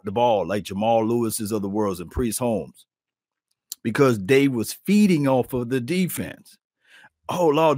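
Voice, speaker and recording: A man hosting a casual sports talk stream, animated and preachy, calling out to viewers as he riffs. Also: medium pitch, no room sound, studio quality. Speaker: podcast host.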